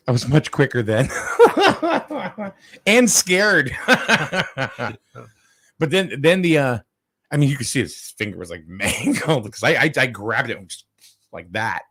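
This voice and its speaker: A man casually chatting and telling a story with lively energy, acting out the people in it. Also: medium pitch, takes it slowly, pauses often, husky, no room sound, clean studio sound. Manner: animated storyteller, acts out quoted people loudly.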